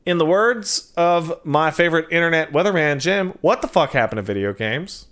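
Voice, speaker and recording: Lively streamer man reading donations. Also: on the high side. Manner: animated, jokey, quick asides. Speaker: game streamer. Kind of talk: casual livestream chat reading donations.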